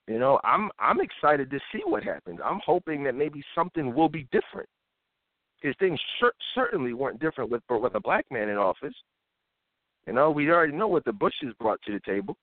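A man in his thirties hosts a live talk show, ranting with a lively, animated voice that swoops up and down. He now and then mocks people in put-on voices. The sound is thin and phone-like, with no room echo. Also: a little high. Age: 30s. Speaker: host.

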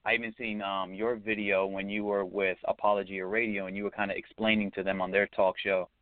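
A man with a low voice gives an earnest, preacherly testimony as a guest, pausing on fillers now and then. The sound is dry and close, with no room echo. It comes through a narrow, tinny phone-like line. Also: little pitch movement, clear, resonant tone. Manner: sincere, preacherly, hesitant with fillers.

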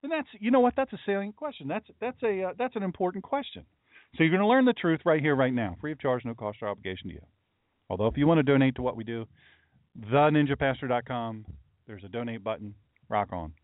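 A middle-aged man hosts his own livestream as a pastor, talking in a loose, chatty way full of folksy asides. His voice sits at an ordinary pitch. The sound is dry and narrow, like it is coming through a phone line. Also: animated, fast, no echo. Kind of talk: casual livestream talk with chat.

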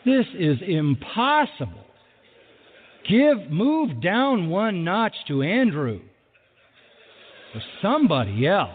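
A man preaching a sermon with lively delivery who acts out the people he quotes, recorded in a large hall. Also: sits high, slow pace, pauses often. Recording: phone-like sound with long hall reverb.

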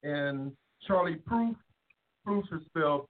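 A man's voice: a little high, expressive, unhurried. A man co-hosting a casual music show, introducing songs and spelling out names in a laid-back way. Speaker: co-host presenting songs. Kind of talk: casual radio-style chat. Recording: tinny phone-line sound.

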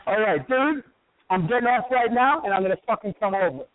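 Brash Italian-American hothead, played by a man, profane and combative, lively pitch, dry phone line. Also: a little fast, no room sound. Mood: furious. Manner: profane, aggressive, shouting insults. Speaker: radio comedy character caller.

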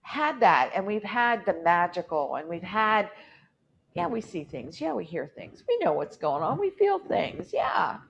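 A woman with a low, gravelly voice chats casually as a podcast host, rambling through anecdotes and acting out the quotes. The audio is muffled and lo-fi. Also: very animated, unhurried, a bit bright, slight background noise. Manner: rambling, storytelling with acted-out quotes. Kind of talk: casual chat.

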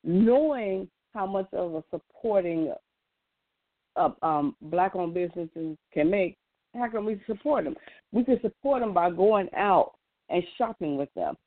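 A woman's voice: fairly low pitch, lively intonation, unhurried, dry recording. A woman in a casual monologue, earnest and emphatic, often restarting her sentences. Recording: tinny, dry phone-like sound.

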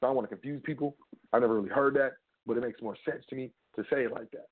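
A man's voice: mid-range voice, racing, breathy edge. A man giving a rambling, casual lecture, often asking and answering his own questions and talking straight to the listener. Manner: rambling, rhetorical, talks to the listener directly. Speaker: trust law educator. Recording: phone-like narrow audio.

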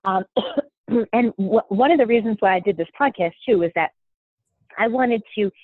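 A woman's voice: mid-range voice, normal speed, no echo. Podcast host, woman, chatty and self-deprecating, thin phone-line sound, dry. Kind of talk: casual podcast chat. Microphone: remote call. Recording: thin phone-like call audio.

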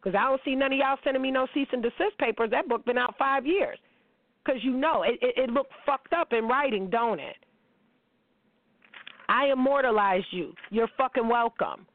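A woman's voice: high voice, normal speed, no room sound. A middle-aged woman hosting a radio talk show, speaking in a blunt, profane, confrontational monologue. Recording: dry, narrow phone-like sound.

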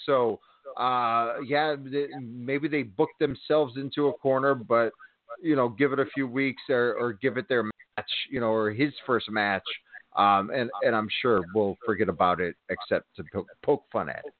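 A man's voice: medium pitch, moderate pace. A man co-hosting a podcast in casual chat, rambling and restarting, with lots of fillers. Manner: rambling, many "you know" fillers. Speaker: podcast co-host. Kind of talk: casual chat about wrestling. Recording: tinny phone-like line, dry.

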